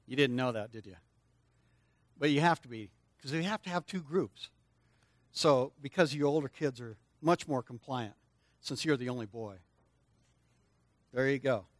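At a normal speed and with frequent pauses, an older preacher with a mid-range voice draws children into his church lesson, urging them to answer out loud. He's lively and coaxing, speaking directly to them, and the audio carries no echo.

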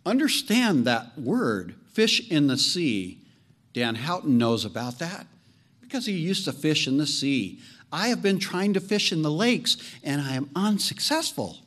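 A man preaching a sermon as pastor, animated and joking, leaning on slow emphatic phrases. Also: fairly high pitch.

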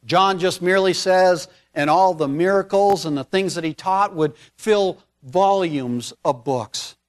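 A high-voiced man retelling a scripture story from the pulpit. He talks in a conversational, folksy way, drifting into casual asides as he preaches. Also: measured pace. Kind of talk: storytelling sermon.

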